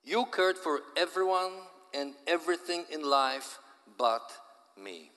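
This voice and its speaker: A man voicing a despairing, yelling daughter. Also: on the high side, lively intonation, takes it slowly, in a large hall, voice pushed up, full character voice. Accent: Polish. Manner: yelling, anguished. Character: despairing daughter accusing her father.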